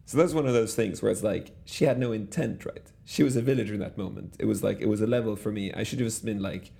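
Gravelly, low-voiced middle-aged man. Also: normal speed, mellow. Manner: rambling, many restarts and fillers. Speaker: guest. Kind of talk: casual conversational storytelling.

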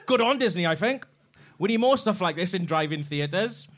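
A young man tells a story on a comedy podcast, swearing freely and breaking into laughter between his quick asides. His voice sits a touch high and swings widely in pitch. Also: expressive, fairly bright tone. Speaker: podcast host. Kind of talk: casual comedic chat.

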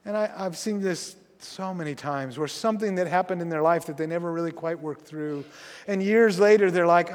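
A middle-aged man preaching a sermon as pastor, conversational and halting with many restarts, going soft and quiet in tender passages. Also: high voice. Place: church sanctuary. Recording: long reverb from a church sanctuary.

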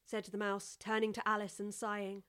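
A woman's voice: mid-range voice, monotone, moderate pace, a bit bright, clean tone. Woman reading a storybook aloud. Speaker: narrator. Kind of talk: storybook narration.

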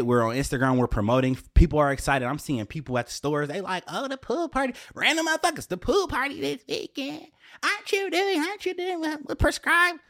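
A young man telling a story to his viewers in a casual, profane, animated way, often jumping up into a high exclaiming voice. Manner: profane, slangy, addresses viewers directly.

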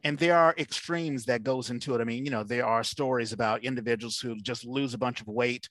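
A man's voice: medium pitch, fairly even intonation, fairly quick, fairly bright tone. A man hosting a podcast over a video call, talking in a rambling way with many fillers and restarts. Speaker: podcast host. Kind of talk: casual video-call conversation.

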